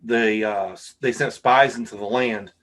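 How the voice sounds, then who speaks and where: A man's voice: on the low side, fairly even intonation, measured pace, fairly bright tone. A middle-aged man hosting a podcast, chatting casually and reacting with enthusiastic wows. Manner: enthusiastic, repeats "wow". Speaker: podcast host. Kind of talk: casual interview chat.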